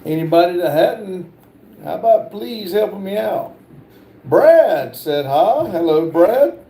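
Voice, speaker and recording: Slow-talking livestream host in a roomy space. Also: male voice, sits high, animated, dark tone. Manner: slow, halting, lots of "uh" fillers. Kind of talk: casual livestream chat, reading viewer comments aloud.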